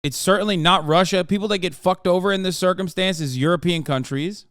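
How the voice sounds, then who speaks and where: Talking a little fast, a male streamer answers his chat with blunt, argumentative political commentary, swearing freely. His voice sits slightly high, smooth and resonant with a fairly bright tone, recorded close and dry with no echo.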